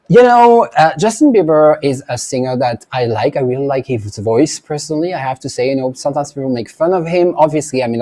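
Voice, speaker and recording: Mellow-voiced man rambling on a live stream. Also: a little high. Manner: rambling and chatty, full of fillers and asides. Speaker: psychic medium hosting a weekly live show. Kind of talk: casual live-stream chat. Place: indoor room, filming at home.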